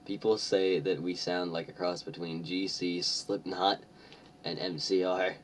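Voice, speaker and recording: A man's voice: deep voice, steady tone, a little slow, distant mic, a little hiss or hum. A young man doing a comedic reading of a story, sarcastic and mocking, often laughing. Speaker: host.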